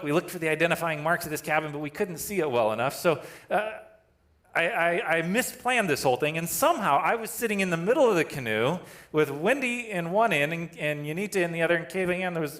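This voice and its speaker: A man's voice: fairly high pitch, expressive, quick pace, a bit bright. A male pastor preaching a sermon, telling a story with self-deprecating humor and laughing at himself. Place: church sanctuary.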